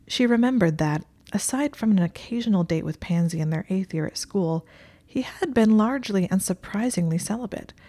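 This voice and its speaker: A woman's voice: mid-range voice, animated, moderate pace, mellow. A woman narrating a story in a dry, wry way.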